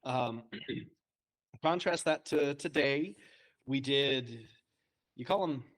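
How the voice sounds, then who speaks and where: A man, a high school English teacher, chatting casually and telling self-deprecating stories with frequent laughs. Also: very slow. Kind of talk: casual chat.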